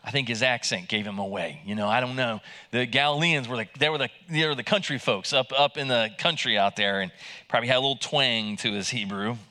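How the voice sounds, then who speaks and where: A man's voice: medium pitch, a little fast, sharp tone. A man preaching a sermon in a conversational way, retelling scripture with many restarts and acting out the quoted lines. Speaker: pastor.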